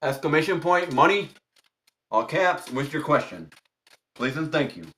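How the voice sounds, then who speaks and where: Man with a raised pitch, firm with his chat. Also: animated, normal speed, fairly bright tone. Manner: firm, repetitive instructions to the chat; polite but strict. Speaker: tarot reader on a livestream. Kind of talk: casual livestream chat with viewers.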